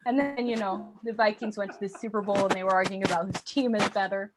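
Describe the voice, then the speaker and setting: A woman's voice: mid-range voice, flat delivery, quick pace, background noise. A young woman performing a stand-up comedy set, chatty and self-deprecating, with frequent ums. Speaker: stand-up comic.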